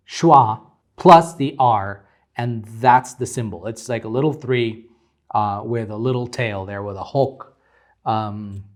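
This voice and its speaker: Young male instructor, unhurried and explanatory, mid-pitched, filler-heavy lecture delivery. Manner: slow, explanatory, with frequent ums and pointing. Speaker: teacher. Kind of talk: phonetics lecture at a board.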